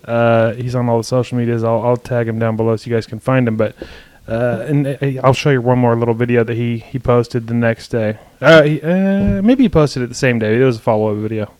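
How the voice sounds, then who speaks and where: A man's voice: mid-range voice, fairly quick, a little mellow, no room sound. Agreeable man hosting a podcast. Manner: agreeable, asks follow-up questions. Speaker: podcast host. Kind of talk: casual chat.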